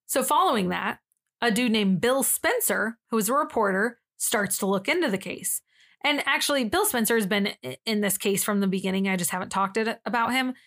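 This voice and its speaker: A young woman co-hosting a podcast, casually walking through a crime case. She is dry and sarcastic and slips into little voices for the people in it. Her voice sits at a middling pitch. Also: lively intonation, brisk, a bit bright. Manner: sarcastic, acts out quotes in different voices. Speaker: podcast co-host. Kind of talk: casual true-crime storytelling.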